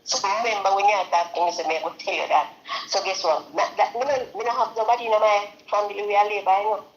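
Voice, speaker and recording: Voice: medium pitch, fairly even intonation, fast talker, echoey room, muffled recording. A host with a Jamaican accent chatting about politics, cutting in to tell stories. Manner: interjecting, storytelling. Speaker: live stream host. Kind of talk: casual political chat.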